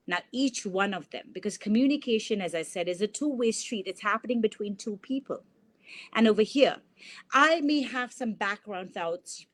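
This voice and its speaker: A woman lecturing on communication at a university, explaining a model step by step and illustrating it with examples. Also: a little high. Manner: explanatory, gives examples with repeated sample sentences.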